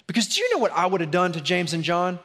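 A man preaching a sermon in a church, animated, acting out sarcastic asides before dropping to a hushed, intense tone. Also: sits high, quick pace. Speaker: pastor. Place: church sanctuary.

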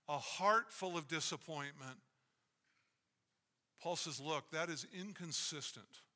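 A man's voice: on the high side, pushed and bright. A man preaching a sermon as a pastor, emphatic and repetitive in his cadence. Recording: long reverb of a large hall.

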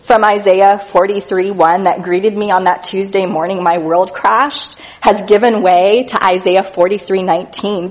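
A woman preaching a sermon, reading scripture with slow, stressed emphasis and going soft and quiet on tender lines. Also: medium pitch, fairly even intonation, poor audio. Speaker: speaker at a church gathering.

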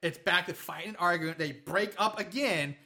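Male podcast host, bright and a bit high, rambling profane recapper. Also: moderate pace. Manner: rambling, profane, jokey storytelling. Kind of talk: casual movie recap chat.

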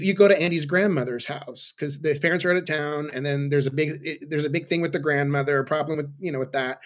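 A man co-hosting a podcast, chatting casually in a wry, teasing way. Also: a little high. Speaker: podcast co-host. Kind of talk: casual recap chat.

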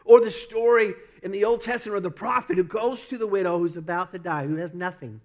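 A man's voice: sits high, brisk. Southern-accented man preaching a sermon. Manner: earnest preaching with self-deprecating laughs and repeated phrases. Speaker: pastor.

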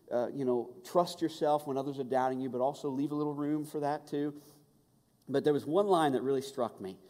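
Man preaching a sermon in a reverberant hall. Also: fairly high pitch. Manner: conversational, animated, acts out quoted voices. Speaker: pastor.

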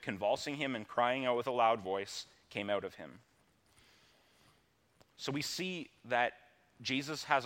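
A man's voice: mid-range voice, sharp tone. Conversational male pastor preaching. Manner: conversational and plain-spoken, with casual asides. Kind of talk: sermon.

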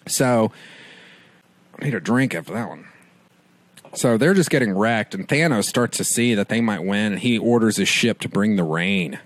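A man casually retelling a film's plot as a reviewer, rambling and animated with lots of fillers. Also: fairly low pitch, normal speed, dry recording. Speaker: movie reviewer. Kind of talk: casual spoiler recap of a film.

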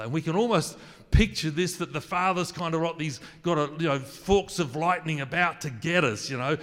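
A man's voice: a little high, normal speed, fairly bright tone. Preacher man with a long hall echo. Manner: conversational, asks the congregation questions, jokes about his wording. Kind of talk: sermon.

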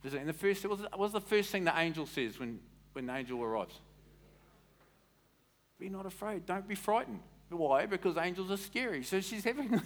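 A man preaching a sermon as a pastor, in an animated, conversational way that quizzes the congregation. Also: sits high, brisk.

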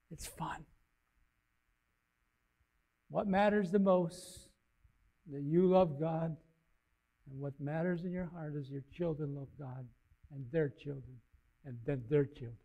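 An older man giving an informal, rambling sermon with a personal story, his folksy voice swelling loud and dropping low. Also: highs cut off. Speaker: lay preacher.

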